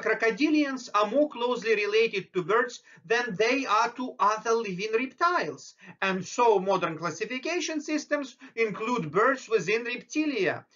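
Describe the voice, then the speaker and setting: High, bright-voiced male biology lecturer. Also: muffled recording. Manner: explanatory, slow and deliberate on terms. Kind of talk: recorded lecture over slides.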